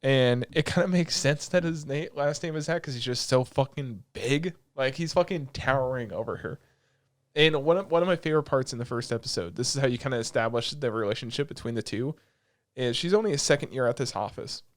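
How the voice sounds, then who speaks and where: A young man co-hosting a podcast recaps an anime in casual, animated chat, swearing freely and darting into quick asides. His voice sits in the mid range.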